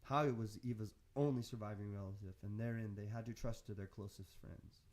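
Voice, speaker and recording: A man on a radio show reading the end of a story in a slow, reflective, spiritual tone. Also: on the low side, steady tone, darkish tone. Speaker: radio host finishing the story. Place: radio studio.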